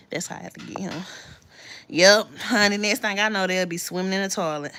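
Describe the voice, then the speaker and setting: A woman's voice: medium pitch, brisk, bright, forceful tone, clear, resonant tone. A woman in her late thirties hosting a live stream, chatting in a confiding way straight to her viewers. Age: late 30s. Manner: chatty, confiding, addresses viewers as y'all and honey. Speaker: livestream host. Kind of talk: casual live-stream chat.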